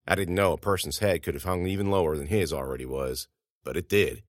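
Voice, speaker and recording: A man's voice: sits low, a little fast, dry recording, studio quality. A man reading a first-person story aloud in a folksy, dialect-flavored way. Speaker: narrator.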